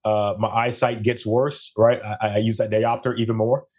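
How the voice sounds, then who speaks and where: A man's voice: fairly low pitch, normal speed. A man from Jamaica, a photographer guesting on a podcast, talking animatedly in casual chat and often checking in with "right?". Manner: animated, tags statements with "right?".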